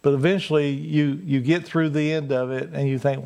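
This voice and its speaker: Male pastor, slightly high voice, folksy sermon delivery with drawn-out emphasis. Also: steady tone, creaky, darkish tone. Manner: folksy preaching, drawn-out emphasis on key words.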